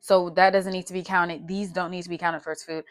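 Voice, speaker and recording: A woman's voice: on the low side, little pitch movement, a little fast. A young woman, chatting casually through her budget and talking to herself as she adds up numbers. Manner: chatty, talks to herself while doing math. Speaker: budgeting vlogger.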